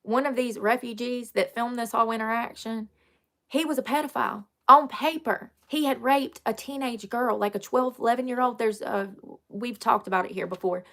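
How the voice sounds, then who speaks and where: A woman with a somewhat high voice chats casually on a livestream. She is blunt and animated, reads out viewers' comments and answers them, and laughs often as she tells her stories. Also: moderate pace. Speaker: livestream host.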